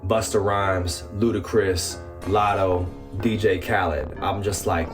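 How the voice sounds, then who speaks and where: Laid-back young man, low voice. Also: fairly even intonation, slow, hardly any pauses, over music. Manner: casual, slangy, many "like" fillers. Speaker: rapper. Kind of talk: reflective personal storytelling.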